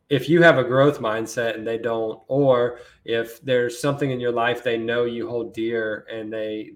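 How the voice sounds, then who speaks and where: A man who co-hosts a podcast, chatting casually and giving earnest, measured advice. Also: fairly low pitch. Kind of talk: casual chat.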